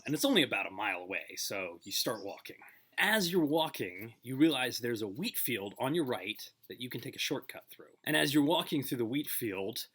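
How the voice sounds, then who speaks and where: A man's voice: mid-range voice, a bit bright, husky. A man telling a story in a casual, conversational way, with many fillers and restarts.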